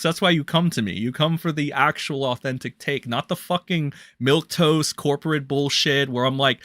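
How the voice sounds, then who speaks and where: A man's voice: medium pitch, fairly even intonation, normal speed, few pauses, dry recording, studio quality. A young man ranting bluntly and crudely as a drama commentary streamer on a livestream. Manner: blunt, crude, ranting with sudden loud jumps.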